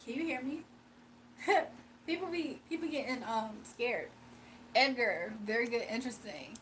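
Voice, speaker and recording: A young woman talks casually to her livestream audience, reading out comments and teasing viewers. Her voice sits slightly high and stays relaxed and playful. A faint background noise runs under the recording. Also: normal speed, poor audio. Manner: playful, laughs often, reads chat aloud. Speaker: livestream host.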